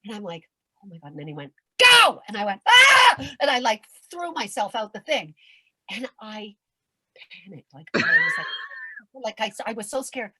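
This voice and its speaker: A seasoned older woman tells her story on a podcast with a bright, forceful edge to her voice. She plays out each moment theatrically, jumping into character voices and letting out cries as the tale runs. The sound is close and dry, with no room around it. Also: mid-range voice, animated, brisk, breathy edge, dry recording. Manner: dramatic, acts out voices and shouts in her anecdotes; candid, swears casually. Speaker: guest, veteran performer. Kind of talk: animated storytelling in a podcast interview.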